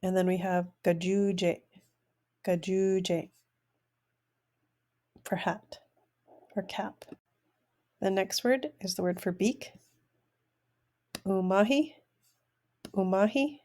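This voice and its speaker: A woman giving a recorded language lesson at a very slow pace. Her voice is mellow and dark, and she pronounces each word carefully, then says it again for her students. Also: medium pitch. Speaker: language teacher.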